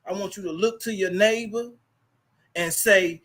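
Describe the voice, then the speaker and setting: Animated man, slightly high voice. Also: a little slow. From Chicago. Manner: animated, preachy, repeats phrases and fillers. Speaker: livestream host. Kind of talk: casual livestream commentary. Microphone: laptop.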